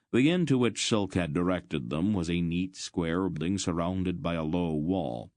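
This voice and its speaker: A man narrating an audiobook in a measured storytelling manner. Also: deep voice, a little mellow, dry recording, studio quality.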